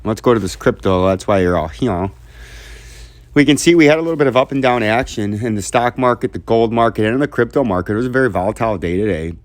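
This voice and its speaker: A man's voice: fairly low pitch, quick pace. Foul-mouthed ranting man. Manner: profane, rambling, ranting. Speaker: crypto vlog host. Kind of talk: casual rambling vlog commentary.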